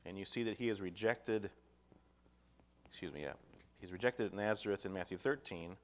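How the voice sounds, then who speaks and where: A man's voice: low voice, moderate pace. A man preaching a sermon, reading scripture aloud with rising emphasis and putting rhetorical questions to his listeners.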